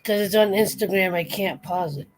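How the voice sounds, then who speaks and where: A woman co-hosting a casual livestream, talking with viewers and getting animated. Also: moderate pace, poor audio. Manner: animated, jumps up in pitch when excited. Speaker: livestream co-host.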